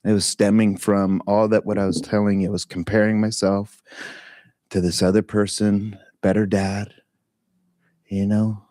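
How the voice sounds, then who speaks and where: A man's voice: on the low side, level tone, normal speed, mellow, dry recording, studio quality. Candid, swearing man telling a story. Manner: candid, swears freely, laughs often, many fillers. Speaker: meditation talk leader. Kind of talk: casual personal storytelling.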